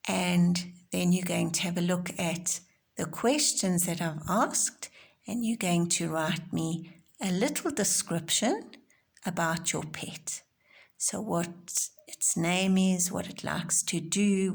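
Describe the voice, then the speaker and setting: Woman teacher, gravelly voice, slightly low pitch, gentle lesson for young kids. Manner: slow, gentle, explaining simply to small children. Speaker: primary school teacher. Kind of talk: recorded home-learning lesson for young children.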